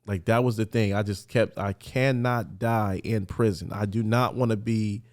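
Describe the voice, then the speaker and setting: Casting: man, low-ish voice, candid and earnest storyteller, casual street talk, podcast guest. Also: fairly even intonation, moderate pace, a little mellow. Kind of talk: personal storytelling interview.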